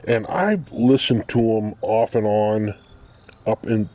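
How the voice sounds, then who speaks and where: A man's voice: lowish voice, takes it slowly, warm tone. A man outdoors, giving a blunt, rambling opinion monologue in a casual style. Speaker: vlogger.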